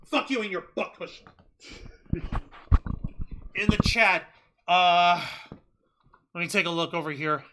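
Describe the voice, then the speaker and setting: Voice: mid-range voice, a little slow, long pauses, heavy background noise. A wrestling review co-host ranting heatedly and emphatically, swearing constantly. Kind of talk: heated podcast rant.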